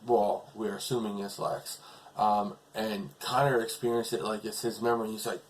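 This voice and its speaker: A man's voice: on the low side, flat delivery, normal speed, slight background noise, poor audio. A man casually retelling a TV episode as a reviewer, rambling along with lots of fillers.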